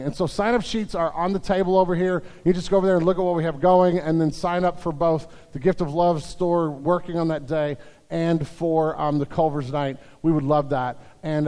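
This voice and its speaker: High-voiced pastor preaching in a reverberant hall. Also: male voice, darkish tone, smooth. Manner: storytelling with jokes, frequent restarts. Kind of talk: sermon. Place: church sanctuary.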